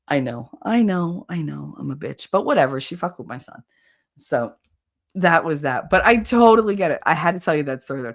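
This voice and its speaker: A woman hosting a livestream, telling stories in a blunt, profane, laughing way. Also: deep voice. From Hoboken, New Jersey. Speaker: livestream host. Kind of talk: casual storytelling chat.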